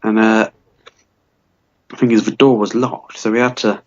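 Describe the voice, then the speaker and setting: A man's voice: fairly low pitch, little pitch movement, moderate pace. A man in his twenties co-hosting a comedy podcast, rambling through a silly story with lots of fillers and restarts. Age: 20s. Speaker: podcast co-host. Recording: dull lo-fi podcast audio.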